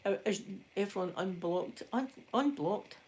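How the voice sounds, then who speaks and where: Ironing at home during a laid-back ASMR livestream, this Scottish host talks chattily with her viewers, laughing frequently. She speaks at a moderate pace in an expressive, medium-pitched voice, with a little hiss or hum in the background.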